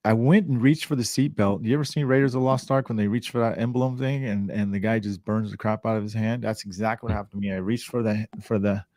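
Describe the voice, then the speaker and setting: A man, a podcast guest, telling a lively and casual story, swearing and acting out the voices of the people in it. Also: on the low side, fast talker, hardly any pauses, dry recording, studio quality. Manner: animated, swearing, acts out voices.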